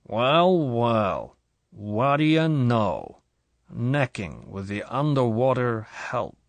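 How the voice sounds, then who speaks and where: A man voicing a drunk, crude tycoon who sneers and slurs his bullying words slowly. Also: mid-range voice, sing-song, vocal fry, no echo, exaggerated voice. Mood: menacing drunk. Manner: sneering, slurred, deliberate.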